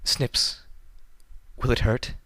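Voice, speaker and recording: A man's voice: extremely slow, fairly bright tone, no room sound. A man voicing an elegant, regal mare pony who speaks in a prim, genteel way. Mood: gracious.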